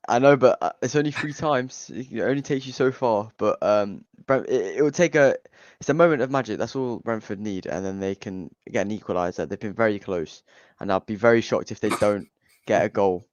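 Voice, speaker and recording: A laid-back male co-host talking football on a casual stream, mostly with short agreeing replies. His voice sits fairly low, and the sound is dry and slightly dull. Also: moderate pace, no echo.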